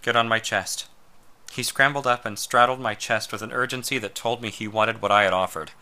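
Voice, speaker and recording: A man reading a first-person story aloud in a slow, measured way, sometimes dropping to a hush. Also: medium pitch, fairly even intonation. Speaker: narrator.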